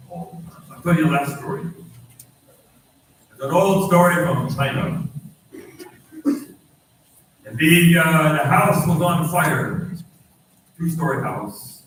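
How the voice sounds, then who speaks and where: A man preaches from the pulpit in a strong, clear, fairly high voice. He tells stories and hammers phrases through repetition. The sound is very roomy and comes from a little way off the mic, with faint hall noise behind it. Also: recorded from a distance. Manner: animated storytelling, repeating phrases for emphasis. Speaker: pastor. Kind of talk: sermon. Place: church sanctuary.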